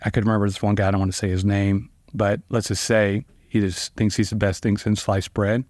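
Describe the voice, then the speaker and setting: A middle-aged man, a trial attorney guest, telling stories in a loose, conversational way and acting out the dialogue with big pitch jumps. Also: a little fast, no room sound, studio quality. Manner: lively storyteller who acts out quoted dialogue with sharp pitch jumps; loose, conversational phrasing with fillers like "like" and "you know". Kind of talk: casual anecdotal storytelling.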